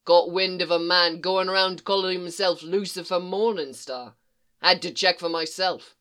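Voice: medium pitch, steady tone, normal speed, sharp tone, smooth, close to an everyday voice. A reader doing a sardonic British rogue. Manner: sardonic, wry, swears casually. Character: roguish British male occult detective. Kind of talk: audiobook reading.

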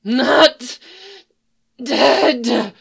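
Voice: medium pitch, very slow, gravelly, a bit bright, slightly rough, voice pushed up, exaggerated voice. A storyteller voicing the wraith of a young male bard, screaming broken, anguished cries in a storybook reading. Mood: howling.

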